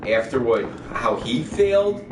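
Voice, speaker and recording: A man's voice: medium pitch, very animated, unhurried. A man streaming a game, chatting casually and ranting in a rambling, profane, opinionated way while he plays. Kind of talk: casual gaming livestream chat. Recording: roomy, distant mic with background noise.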